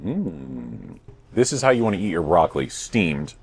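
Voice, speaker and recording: Jokey low-voiced man reviewing food. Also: quick pace, slightly rough. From United States. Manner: playful, self-mocking, deadpan jokes. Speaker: host. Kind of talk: casual food review vlog.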